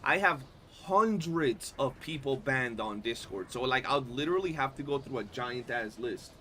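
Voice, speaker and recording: A young man livestreaming a game, talking in a loose, animated, slangy way and swearing often. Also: medium pitch, moderate pace, a little hiss or hum. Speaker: streamer. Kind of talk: casual gaming livestream chat.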